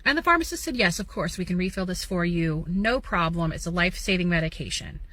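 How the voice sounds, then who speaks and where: A woman's voice: lowish voice, animated, fast talker, fairly bright tone, a little hiss or hum. A woman telling a wry personal story to camera, quoting a polite pharmacist. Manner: wry, quotes others in a polite voice.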